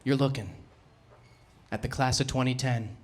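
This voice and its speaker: A young man from New Jersey with a Jersey accent, doing a brash, self-mocking stand-up set and punching out loud acted-out quotes. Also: medium pitch, fairly even intonation, normal speed. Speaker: stand-up comedian. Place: comedy club stage. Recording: live room with audible crowd noise. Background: audience laughter.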